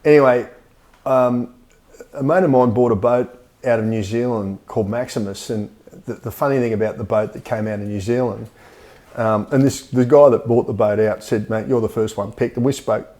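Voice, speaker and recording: An older man with an Australian accent tells long stories as a podcast guest, stumbling over his words and calling the host mate. His voice is mellow and dark. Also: medium pitch, steady tone, normal speed. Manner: rambling, repeats words, often says mate. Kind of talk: storytelling in a casual interview.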